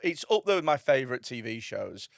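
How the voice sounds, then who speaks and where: A man's voice: mid-range voice, very animated, fairly quick, vocal fry, no room sound, studio quality. A man co-hosting a comedy podcast, joking along and chiming in with agreement. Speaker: podcast co-host. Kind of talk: casual comedy podcast chat.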